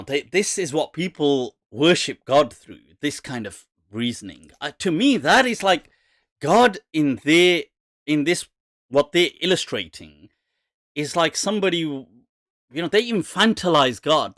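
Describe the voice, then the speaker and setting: A man hosting a casual live Q&A, animated and mocking, laughing often. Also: a little high, no room sound, studio quality. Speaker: host.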